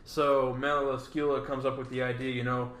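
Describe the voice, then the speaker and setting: A man's voice: mid-range voice, little pitch movement, moderate pace, a bit bright, reverberant. A man co-hosting a podcast, recapping a comic chapter in a loose, casual way with many ums and likes. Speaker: podcast co-host.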